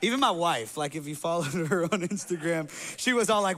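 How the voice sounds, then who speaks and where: A man with a high voice preaches from a church stage, speaking into a microphone. He tells a humorous personal story in a loose, slangy, conversational way, joking with his congregation before turning to his point. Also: expressive, fairly quick, a bit bright. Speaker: pastor. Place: church sanctuary.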